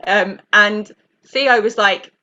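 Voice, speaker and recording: A British woman co-hosts a podcast, telling family stories in easy chat and acting out what people said. Her voice is bright and forceful, and the recording sounds a bit dull and lo-fi. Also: mid-range voice, takes it slowly. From Britain. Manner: storytelling, animated quoted voices. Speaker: podcast co-host. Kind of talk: casual chat.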